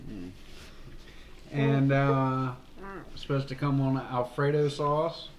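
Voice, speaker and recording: A man's voice: mid-range voice, level tone, slow pace, slight background noise. Dry, sarcastic man telling a story. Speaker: podcast co-host. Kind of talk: casual chat over a meal.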